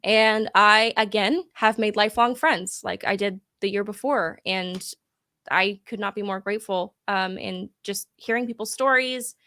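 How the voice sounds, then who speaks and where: A woman's voice: mid-range voice, a little slow, sharp tone, dry recording. Woman, co-host, casual chat, bubbly, blunt, laughs a lot, swears, whiskey in hand, dry close sound. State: drinking whiskey. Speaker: co-host of a call-in dating show.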